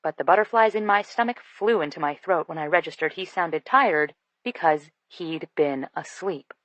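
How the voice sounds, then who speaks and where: A woman reading a first-person romance audiobook in an expressive, lightly comic manner. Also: low voice, normal speed, dry recording, low-quality recording. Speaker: audiobook narrator. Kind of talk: first-person scripted narration.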